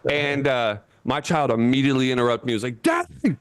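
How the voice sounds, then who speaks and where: Animated man doing stand-up, sitting down. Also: quick pace, smooth. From Florida. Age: 30s. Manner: animated, jumps to high voices for quoted people. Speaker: stand-up comedian. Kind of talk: stand-up comedy set. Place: online Zoom comedy show, seated.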